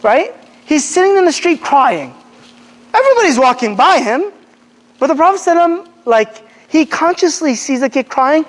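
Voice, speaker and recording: A man giving a casual religious lesson to young people, telling animated stories, acting out quotes and restarting his sentences often. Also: very high-pitched, moderate pace. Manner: animated storyteller, acts out quotes, many fillers and restarts. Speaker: Islamic teacher. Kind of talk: casual religious lecture to a youth group. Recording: long hall reverb.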